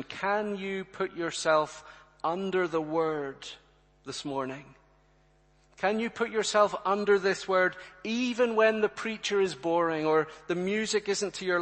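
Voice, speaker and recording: Male preacher, sermon delivery, measured pace, emphatic, long church reverb. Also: sits high, a bit bright. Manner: emphatic, rhetorical questions, addresses congregation directly.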